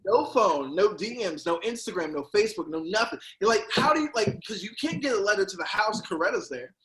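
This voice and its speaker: Man, stand-up comedian, video call, high voice, bright tone, animated. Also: a little fast, poor audio. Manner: animated, jumps into loud character voices.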